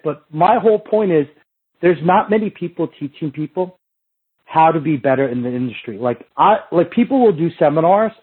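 On a tinny, phone-like connection, a man with a fairly high, slightly rough voice tells casual, profane stories. He's a fitness industry coach guesting on a podcast, wandering through anecdotes and voicing both sides of past exchanges.

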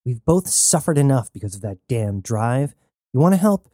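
A man voicing a fierce young woman rebel on a starship, blunt and profane, in a mellow voice. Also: mid-range voice, sing-song, normal speed, no room sound, clean studio sound. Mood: bitter.

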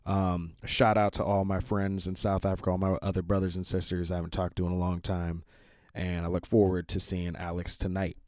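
A man hosting a podcast, giving a relaxed, rambling spoken intro with plenty of filler words. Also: low-pitched, a little fast, hardly any pauses, dry recording, clean studio sound. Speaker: podcast host.

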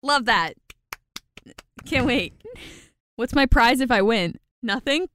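A woman's voice: fairly high pitch, lively intonation, slow pace, a bit bright. A woman co-hosting a casual reality show recap podcast, blunt and swearing freely. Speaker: podcast co-host.

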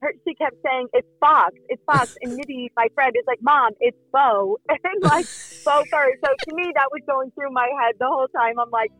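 A woman, a reality show cast member, answering interview questions in a chatty, animated storytelling way with lots of fillers. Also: high-pitched, brisk, no room sound, soft background music. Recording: dull lo-fi sound.

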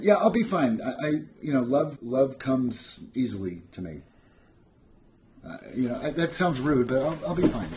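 A man's voice: medium pitch, noisy background. A young adult man hosting a casual live-stream Q&A, reading chat questions aloud and answering them bluntly with sarcasm and swearing. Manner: sardonic, blunt, swears freely.

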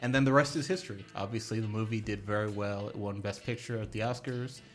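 A man's voice: on the low side, fairly even intonation, fast talker, faint music behind. A man co-hosting a casual film podcast, telling a short anecdote in an easygoing, dry way. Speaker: podcast co-host.

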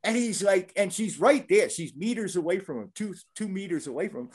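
A man's voice: sits high, animated, fairly quick, hardly any pauses, darkish tone, slightly rough. A middle-aged man telling a story in a casual interview, rambling and profane with many restarts.

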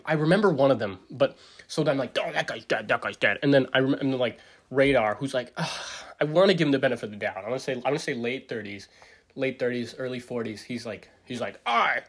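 A man in his forties rambling through a casual solo podcast monologue, full of fillers and restarts, jumping up in pitch to act out what others said. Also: fairly bright tone. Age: 40s. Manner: acts out quotes with big pitch jumps. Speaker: podcast host.

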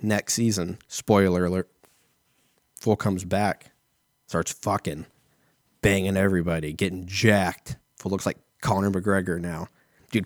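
A low-voiced man in his thirties rambles through an everyday story in a casual solo chat, cursing a lot and using plenty of fillers like "like" and "you know." The recording is clean studio sound with no room sound.

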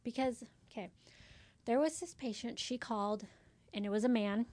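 High-voiced woman venting about work. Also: moderate pace, dry recording. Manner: animated storytelling, acts out quoted voices. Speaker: medical office worker. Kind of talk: casual chat, venting about a coworker.

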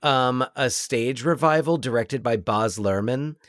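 A man's voice: mid-range voice, a little slow, dry recording. Guy rambling about movies, lots of likes and restarts, dry mic. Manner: hesitant, many restarts and fillers. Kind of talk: casual film discussion.

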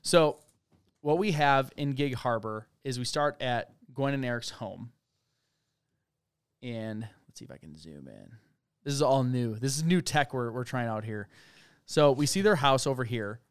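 Smooth-voiced man on a dry close mic. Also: mid-range voice, expressive, measured pace, no room sound. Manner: conversational, reads from case documents, thinks aloud. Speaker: podcast co-host. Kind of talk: casual true-crime discussion.

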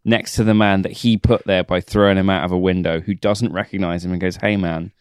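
A man's voice: sits low, fairly even intonation, fairly quick, smooth, no room sound, clean studio sound. A man in a casual film discussion, retelling scenes in detail and reflecting on them as a podcast co-host.

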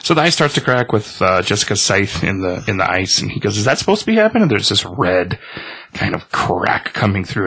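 A man casually recapping a comic book story in a relaxed, rambling way. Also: lowish voice, husky. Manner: relaxed, rambling retelling with fillers.

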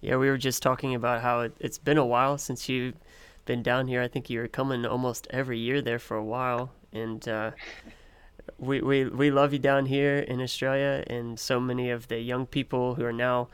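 A man hosting a podcast with a hoarse, worn voice, speaking in a friendly and earnest way as he introduces and interviews a guest. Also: mid-range voice, little pitch movement, moderate pace, no echo. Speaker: podcast host.

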